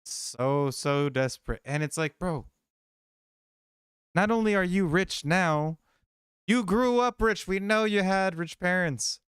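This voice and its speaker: A man's voice: high voice, animated, slow pace, fairly bright tone, smooth, dry recording, clean studio sound. A man hosting a casual commentary, ranting in an exasperated way. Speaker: host.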